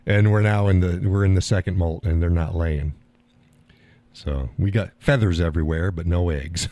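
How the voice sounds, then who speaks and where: A man's voice: sits low, normal speed, dark tone, no room sound. A man hosting a live stream, chatting in a rambling, blunt way and laughing often as he talks. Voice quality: swears casually. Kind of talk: casual monologue chat. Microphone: audio call setup.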